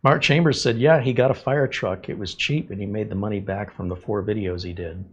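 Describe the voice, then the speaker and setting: A man's voice: on the low side, brisk, breathy edge, highs cut off. A man hosting a live tech stream, answering viewer chat in a blunt, sarcastic way. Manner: blunt, sarcastic, lively asides. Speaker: tech show host.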